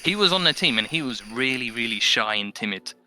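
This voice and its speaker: A man with a mid-range voice talks briskly as a guest on a casual gaming podcast. He rambles, using lots of fillers, and does animated impressions of other people.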